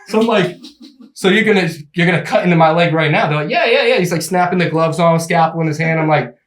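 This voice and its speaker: A young man telling a long story in casual chat, animated and laughing, acting out the people in it. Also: on the high side, quick pace. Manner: animated, acts out voices in his story, laughs often. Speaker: podcast guest telling a story.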